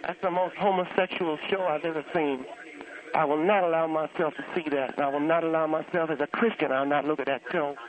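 A man's voice: on the high side, fairly even intonation, fairly quick, natural voice. A man voicing a cranky old churchgoing aunt who phones in, blunt and scornful. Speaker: phone caller. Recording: phone line.

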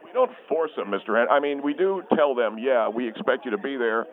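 A man's voice: mid-range voice, animated, a little fast, close to an everyday voice. A man voicing a defensive middle-aged husband who keeps explaining himself. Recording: tinny phone line.

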